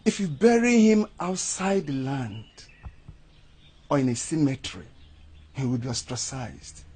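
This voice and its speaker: An actor playing a measured uncle who speaks firmly of tradition. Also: male voice, medium pitch, a little mellow, a little hiss or hum, lightly acted. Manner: measured, soothing, firm. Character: older uncle, calm keeper of tradition. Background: background music.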